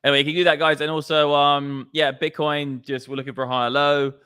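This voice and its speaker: A man hosting a laid-back trading show, full of banter and casual swearing. His voice is bright and crisp, sitting at an ordinary pitch. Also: flat delivery, quick pace. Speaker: host of a crypto trading show. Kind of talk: casual group chat.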